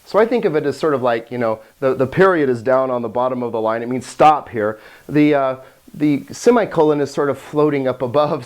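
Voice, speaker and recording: A man teaching a relaxed video language lesson, friendly and chuckling often as he explains. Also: a little fast. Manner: friendly, chuckles often, lively pitch swings.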